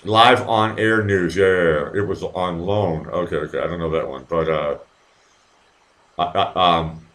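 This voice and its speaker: A man's voice: low voice, fairly even intonation, normal speed, fairly bright tone. A middle-aged man hosting a live stream, chatting loosely to viewers, stammering, repeating words and swearing casually. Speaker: live show host.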